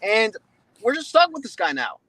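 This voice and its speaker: A man hosting a live sports fan show, venting in a frustrated rant and swearing freely. His voice sits high and sounds bright and sharp. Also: huge pitch swings, moderate pace, slightly rough, no room sound, poor audio. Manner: frustrated ranting, swears often. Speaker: show host. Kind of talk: heated sports fan podcast.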